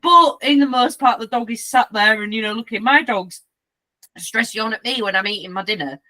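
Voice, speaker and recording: A woman's voice: fairly high pitch, normal speed, pushed and bright. A young woman hosting a casual chat, telling stories and acting out quotes. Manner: chatty, acts out quotes in voices. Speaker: host.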